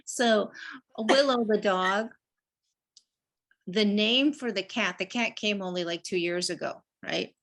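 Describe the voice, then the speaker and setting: A woman's voice: mid-range voice, takes it slowly, long pauses, fairly bright tone. A middle-aged woman hosting an animal messages show, telling stories in a chatty way and laughing often. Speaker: animal communicator host. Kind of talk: casual chat.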